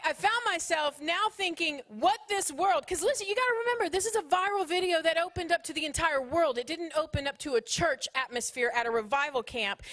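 A woman in her thirties preaching a sermon at a conference, animated and joking, with Southern phrasing. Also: high-pitched. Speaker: conference speaker.

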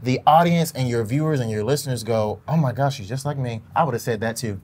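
A man hosting a talk show, playfully coaxing his guest in casual interview chat. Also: medium pitch. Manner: playful, coaxing, quick to shout and laugh.

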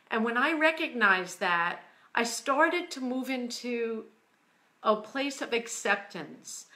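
A woman from the United States telling a personal story slowly and earnestly, getting emotional at times. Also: on the high side, animated. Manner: slow, earnest storytelling, quiet and hushed when quoting God. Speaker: author. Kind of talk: personal testimony.

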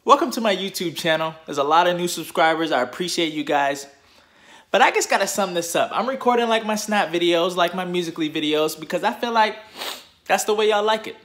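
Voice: mid-range voice, lively intonation, brisk, fairly bright tone. A YouTuber ranting casually to subscribers into a phone camera, slangy, joking and swearing a lot. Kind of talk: casual vlog rant.

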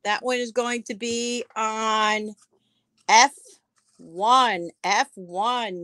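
Woman, live-stream auction seller, unhurried chatty delivery, slightly high voice. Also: fairly even intonation, pushed and bright. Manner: chatty, answers viewer comments by name; describes items aloud as she handles them. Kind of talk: casual live-stream selling.

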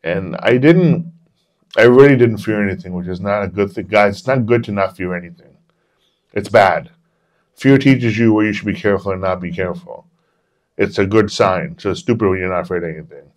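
A man's voice: fairly low pitch, a little fast. A man co-hosting a podcast, telling a long personal story in a rambling, casual way and swearing freely. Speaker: podcast co-host. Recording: dull lo-fi podcast audio.

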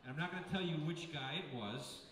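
A man telling a comic story on stage to an audience, with a brisk, profane, punchline-driven delivery. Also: fairly high pitch, very noisy. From United States. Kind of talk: live comedic storytelling. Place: large venue with live audience. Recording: echoey hall from far off with crowd.

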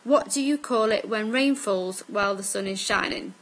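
Recorded on low-quality audio, this woman has a mid-range, fairly bright voice. She's a Staffordshire vlogger in her twenties with a blended northern English accent, chatting her way through an accent tag word list. She takes her time and says um a lot.

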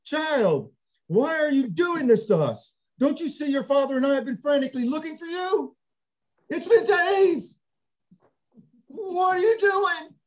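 A man voicing a frantic, exasperated middle-aged mother scolding her child in a high, shrill voice. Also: lively intonation, unhurried.

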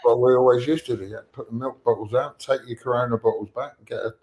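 A man's voice: mid-range voice, fairly even intonation, fast talker, darkish tone, breathy edge. A man, telling rambling anecdotes as a guest on an online interview show and acting out the lines he quotes. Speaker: guest musician.

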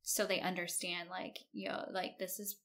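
A woman's voice: fairly low pitch, flat delivery, moderate pace, a bit bright. A woman hosting a podcast interview, chatting casually with lots of fillers. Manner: chatty, lots of "like", frequent laughs. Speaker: podcast host.

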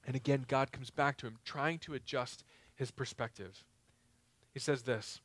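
A male pastor preaching a sermon in a conversational way, with joking asides, swinging between loud and quiet. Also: medium pitch, fairly even intonation, normal speed, no echo.

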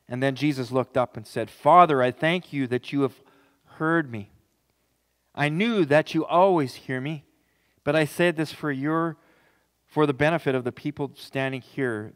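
Pastor preaching in a reverberant church. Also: male voice, medium pitch. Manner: reads scripture aloud, then speaks in a rising, impassioned tone. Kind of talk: sermon. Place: church sanctuary.

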